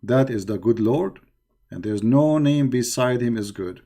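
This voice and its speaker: Gravelly dark-voiced man host. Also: mid-range voice, lively intonation, unhurried. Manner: plain speech with many fillers and repetitions. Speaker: host of a call-in show. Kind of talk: casual closing talk to listeners on faith.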